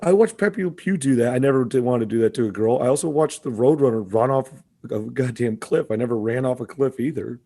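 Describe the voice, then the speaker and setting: A young man co-hosting a comedy podcast, riffing in an animated, mock-outraged way and laughing often. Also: medium pitch, fairly quick, few pauses. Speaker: podcast co-host. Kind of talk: casual comedic chat.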